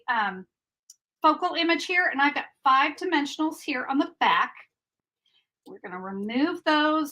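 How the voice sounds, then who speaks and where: A woman's voice: high voice, bright, forceful tone, poor audio. A middle-aged woman giving a chatty, upbeat live card-making tutorial and answering viewer comments as she goes.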